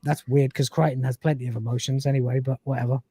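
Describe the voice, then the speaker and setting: A man's voice: medium pitch, level tone, quick pace, warm tone, husky, no echo, studio quality. Chatty male livestream host. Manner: chatty, laughs often, swears. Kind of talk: casual review chat on a livestream.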